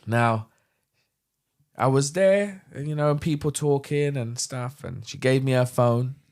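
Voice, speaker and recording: A middle-aged Londoner with a medium-pitched voice speaks a little slowly as a podcast guest. He candidly retells a personal story, animated and vivid, acting out the dialogue as he goes.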